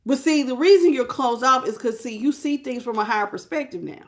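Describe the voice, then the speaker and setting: A woman's voice: sits high, brisk. A woman giving a casual live tarot reading, talking straight to the viewer and greeting people in the chat. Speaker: tarot reader.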